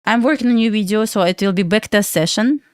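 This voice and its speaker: A woman's voice: medium pitch, fast talker, clean tone, no echo, studio quality. A young woman from Belarus with a Russian accent, hosting a casual trading livestream and answering questions from chat with lots of fillers.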